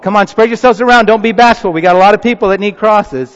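Brisk and high, he barely pauses as he gives a children's sermon and coaxes the congregation into a group activity. The church sanctuary's reverb leaves the recording muffled.

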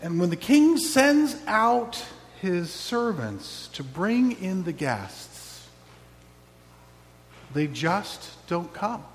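A man's voice: high-pitched, very animated, extremely slow, in a large hall. A man preaching a sermon as pastor, reflective with wry asides.

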